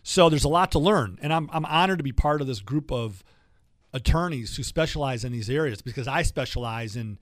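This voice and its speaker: Animated man hosting a legal talk show. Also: mid-range voice, brisk, no echo, clean studio sound. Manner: animated, rambling, frequent restarts. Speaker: radio show host and lawyer. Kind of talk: casual talk-radio chat.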